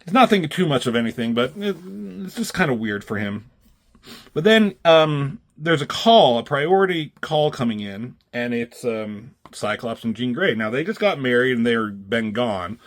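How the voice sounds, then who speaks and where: A man's voice: medium pitch, very animated, moderate pace. A man casually recapping a comic book, rambling with frequent fillers and the odd swear.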